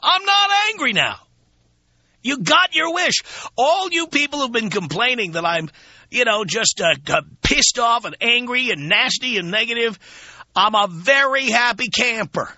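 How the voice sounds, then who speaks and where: A man's voice: extremely high pitch, sing-song, moderate pace, sharp tone, no echo, muffled recording. A man hosting a radio talk show, talking to listeners in a sardonic, profane, self-mocking monologue from a studio. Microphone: studio microphone.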